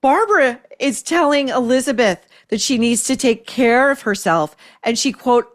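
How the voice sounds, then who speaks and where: A woman's voice: fairly high pitch, animated, a little slow. A middle-aged woman hosting a podcast, giving blunt, sarcastic and profane opinionated commentary. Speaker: podcast host.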